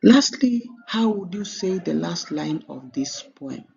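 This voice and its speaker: A man's voice: high voice, lively intonation, slow, creaky, darkish tone, slightly rough. Kenyan man teaching an exam revision lesson. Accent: Kenyan English. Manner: explains step by step with a rising, emphatic lift at each new question. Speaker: English teacher. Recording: slightly dull, with faint background noise.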